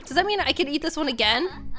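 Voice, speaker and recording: A woman's voice: sits high, lively intonation, quick pace, sharp tone, soft background music. A woman hosting a gaming channel, chatting to viewers in let's-play commentary.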